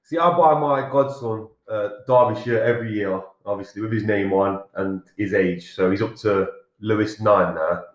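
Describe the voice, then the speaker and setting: Low-voiced easygoing man. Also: normal speed, hardly any pauses, highs cut off. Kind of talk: casual chat. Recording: echoey room.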